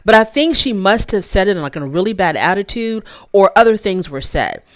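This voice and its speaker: A woman's voice: medium pitch, sing-song, a little fast, no room sound, studio quality. A woman hosting a casual recap show, talking in a candid, opinionated and sassy way with frequent asides. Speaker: reality show recap host.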